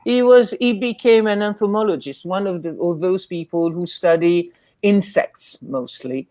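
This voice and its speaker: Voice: medium pitch, moderate pace, a little mellow, dry recording. A guest in a casual interview, telling rambling anecdotes and acting out the voices of people in the stories. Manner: acts out quoted voices.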